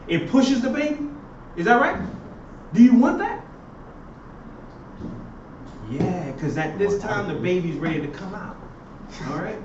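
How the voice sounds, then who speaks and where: A man's voice: sits high, a little hiss or hum. A male professor giving a classroom lecture. He keeps quizzing his students with fill-in questions. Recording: roomy, distant, dull classroom recording.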